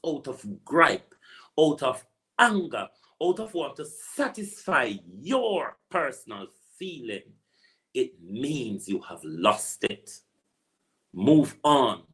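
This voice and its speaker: A man with a Jamaican accent, an online political commentator delivering a preachy, repetitive rant full of rhetorical asides. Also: lowish voice. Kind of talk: ranting monologue.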